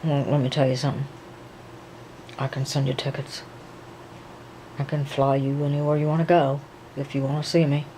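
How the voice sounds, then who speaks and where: A woman plays a kind young male dancer in a homemade pretend drama. He speaks low and mellow, slow and reassuring, stumbling over plenty of ums. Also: flat delivery, slight background noise, poor audio. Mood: gentle. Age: young adult. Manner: slow, soothing, hesitant with many ums.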